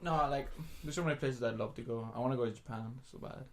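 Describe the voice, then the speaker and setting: A man's voice: mid-range voice, fast, a little hiss or hum. A young man co-hosting a podcast in casual chat, chatty, laughing often and swearing. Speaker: podcast co-host.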